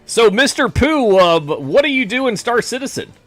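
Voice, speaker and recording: A man's voice: very high-pitched, sing-song, moderate pace, a bit bright, no echo, soft background music. A man streaming a game and chatting casually with viewers, rambling and poking fun at himself. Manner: rambling, self-deprecating, jokey. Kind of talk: casual live-stream chat.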